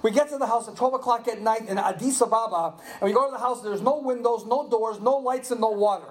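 A man in his seventies preaching a sermon, telling animated personal stories and checking in with the listeners. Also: very high-pitched, quick pace, noisy background. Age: 70s. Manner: animated storytelling, asks "Are you with me?". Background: audience responding.

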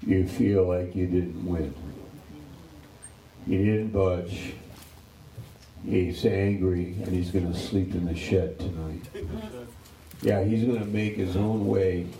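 A man preaches in a slow, easygoing Bible-teaching style, voicing the characters as he tells the story. His voice is low, dark and gravelly. He is recorded from a distance in a roomy, echoing hall. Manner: animated storytelling, acting out characters in dialogue.

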